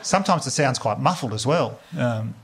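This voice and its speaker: An Australian man doing a stand-up comedy set, telling crude stories in a deadpan way and quoting other people's voices. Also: medium pitch, moderate pace, very noisy. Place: comedy club stage before a live audience. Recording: live stage mic, loud crowd laughter. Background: audience laughter.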